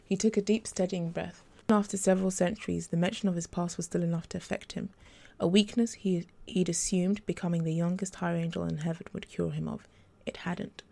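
A woman reading her own fantasy romance novel aloud as a podcast storyteller, steady and unhurried. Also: lowish voice, vocal fry.

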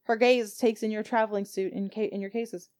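A woman runs a tabletop game as its game master. Her voice sits at a middling pitch. She reads the scene steadily, with a few small stumbles. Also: steady tone, a little fast, darkish tone.

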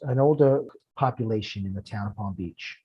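A man's voice: lowish voice, normal speed, mellow, husky, no echo, dull audio. A man, a firefighter and podcast guest, telling emotional personal stories earnestly, often repeating words when moved.

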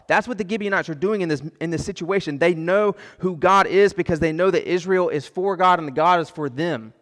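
A pastor preaching with passion, his voice pitched a little high for a man. He repeats lines for emphasis and acts out heartfelt prayers. The sound rings with the long echo of a large church hall. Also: brisk, a bit bright. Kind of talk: sermon.

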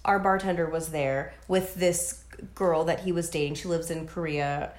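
A woman's voice: low voice, moderate pace. A young woman in her twenties, a waitress, telling a gossipy story in casual chat, acting out the people in it. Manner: gossipy, animated storytelling with quoted voices. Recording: echoey room.

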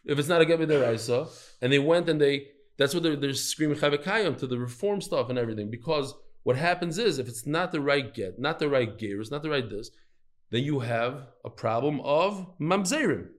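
Animated man teaching a Talmud class. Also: mid-range voice, fairly quick. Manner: animated, storytelling, quizzes the listeners.

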